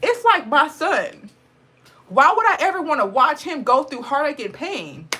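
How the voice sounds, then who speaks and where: A woman speaks in a Black dialect, high-pitched and bright. She talks bluntly and swears freely in a spiritual vlog. Her voice sounds close to tears. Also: big pitch swings, unhurried, slight background noise. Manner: mocks others in high sarcastic voice. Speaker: spiritual vlogger. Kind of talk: impassioned casual monologue.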